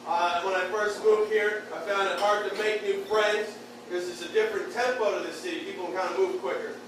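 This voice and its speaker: A man's voice: high-pitched, steady tone, a little fast, fairly bright tone. A man doing a stand-up comedy set of crude one-liners in a beer hall, jabbing at the crowd. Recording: echoey room from far off, bar noise.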